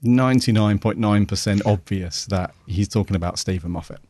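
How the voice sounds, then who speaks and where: A man's voice: on the low side, fairly quick, darkish tone, no echo. A man hosting a podcast, talking casually with lots of hesitation and restarts. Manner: hesitant, many ums and restarts. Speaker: podcast host.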